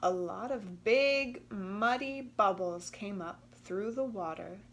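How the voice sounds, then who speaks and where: A woman reading a children's storybook aloud in an expressive, gently emphatic way. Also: mid-range voice, takes it slowly, a little hiss or hum. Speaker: storybook reader.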